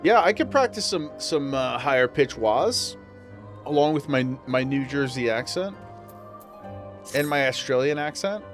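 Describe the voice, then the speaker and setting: A man's voice: medium pitch, expressive, measured pace, soft background music. Chatty laughing male streamer. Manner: chatty, laughing, talks to chat. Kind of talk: casual livestream chat.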